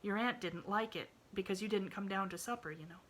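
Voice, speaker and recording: A woman's voice: medium pitch, a little fast, fairly bright tone, pitched above the performer's own voice, close to an everyday voice. A woman voicing a flustered, kindly young housemaid with rustic, folksy speech and frequent exclamations.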